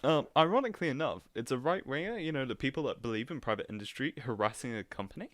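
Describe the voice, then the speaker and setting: A man's voice: mid-range voice, lively intonation, quick pace, a bit bright. A man live-streaming casual reaction commentary, chatty and mocking, often laughing at what he watches.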